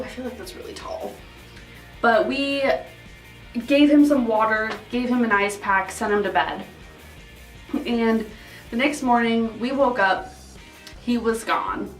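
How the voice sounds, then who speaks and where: A young woman vlogging a casual storytime, animated and full of "like", acting out what people said. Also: on the high side. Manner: animated, quotes people in put-on voices, heavy use of "like". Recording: roomy echo, somewhat far from mic, faint music.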